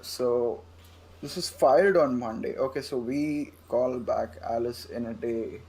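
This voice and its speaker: A young man in a casual let's-play, laid-back and profane as he reads quest notes and thinks aloud. His voice sits at a middle pitch. A faint hiss lies under the recording. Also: a little slow, darkish tone. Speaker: gamer playing through a game.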